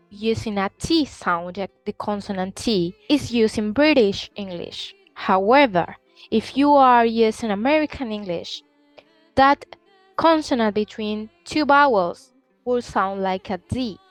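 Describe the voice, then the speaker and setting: Woman teacher, fairly high voice, dry close sound, faint music underneath. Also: no echo. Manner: explanatory, models pronunciations slowly. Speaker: English teacher. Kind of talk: online language lesson.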